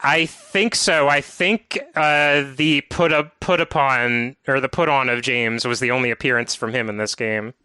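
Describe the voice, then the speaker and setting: Podcast host, male, bright and smooth voice, dry close sound, methodical recapper. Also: medium pitch, normal speed, few pauses, dry recording. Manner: detailed, methodical game walkthrough talk. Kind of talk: casual podcast chat.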